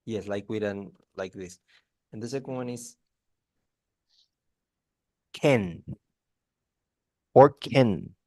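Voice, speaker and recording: A man's voice: fairly low pitch, slow, long pauses, mellow, no room sound. A man giving a one-on-one English pronunciation lesson, explaining patiently and repeating example words, with frequent restarts. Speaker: English tutor.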